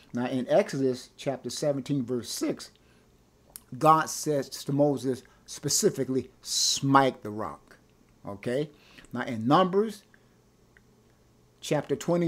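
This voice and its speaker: Lively, animated preaching man. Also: mid-range voice. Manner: animated, repeats words, asks rhetorical questions. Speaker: pastor. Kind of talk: Bible class teaching.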